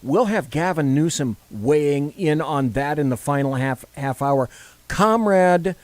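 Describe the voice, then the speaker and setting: A man's voice: mid-range voice, normal speed, dry recording. A man hosting a talk radio show, giving sarcastic, opinionated commentary between audio clips. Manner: sarcastic, lively, mocking.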